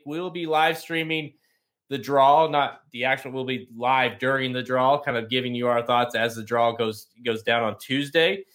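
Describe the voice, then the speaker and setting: A man's voice: on the high side, bright, forceful tone. A man hosting a horse racing podcast, talking loosely in a casual chat with many fillers and restarts. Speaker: podcast host.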